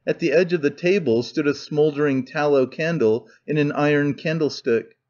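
A man reading a novel aloud as an audiobook narrator, in steady, measured storytelling. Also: fairly high pitch, highs cut off. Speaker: audiobook reader. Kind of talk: scripted narration.

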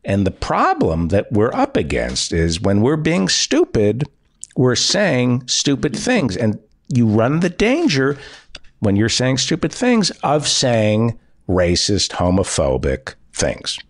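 Animated middle-aged man holding forth. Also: mid-range voice, slow pace. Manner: lecturing, animated, wry. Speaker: podcast host. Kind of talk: comedy podcast chat.

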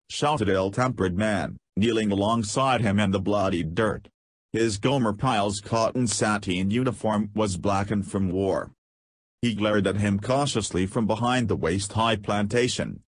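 A man's voice: on the low side, unhurried, breathy edge, dry recording. A man narrating an audiobook, reading in a scripted way and voicing punctuation marks aloud.

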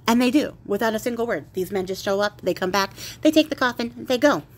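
A woman's voice: a little high, lively intonation, fairly quick. Chatty woman retelling a fairy tale. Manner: wry, chatty, laughs and swears. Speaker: craft video host.

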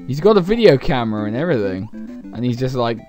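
A young man doing comedic, sarcastic gameplay commentary, talking to his viewers with sudden loud outbursts. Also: medium pitch, animated, fast, soft background music. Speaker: let's play commentator.

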